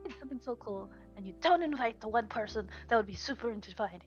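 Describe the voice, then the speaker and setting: A woman's voice: a little high, expressive, quick pace, dull audio, faint music behind. A woman playing a tabletop role-playing game who speaks brashly, swears often, and breaks into laughter. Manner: brash, profane, laughs a lot.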